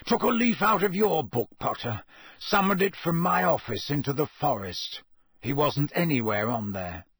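A man voicing a gruff, grizzled old male wizard in an audiobook, slow and growling with a husky voice. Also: on the high side, expressive, a bit bright, no room sound. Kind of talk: audiobook character voice.

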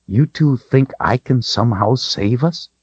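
A man's voice: medium pitch, lively intonation, unhurried, husky, no room sound, highs cut off, pitched above the performer's own voice. A man voicing a young male woodsman who is bewildered and wary, asking skeptical, rising questions.

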